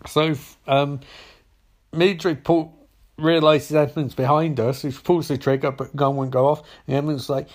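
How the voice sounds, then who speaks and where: A man's voice: mid-range voice, unhurried, creaky, darkish tone. A man giving a casual, rambling and sarcastic spoken recap of a TV episode, with plenty of swearing.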